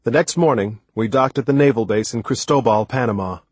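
A man reading an audiobook aloud in a steady, measured way. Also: medium pitch, breathy edge, dry recording. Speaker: audiobook narrator. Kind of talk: scripted narration.

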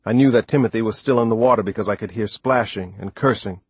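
A man narrating an audiobook in steady, first-person storytelling. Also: fairly low pitch, fast, breathy edge, dry recording. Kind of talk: scripted narration.

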